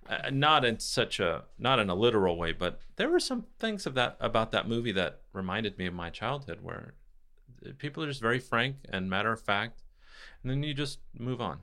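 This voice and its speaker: Podcast host, male, bright tense tone, frank and quick to laugh in conversation. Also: mid-range voice. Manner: frank, laughs easily, animated storytelling. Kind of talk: casual conversation.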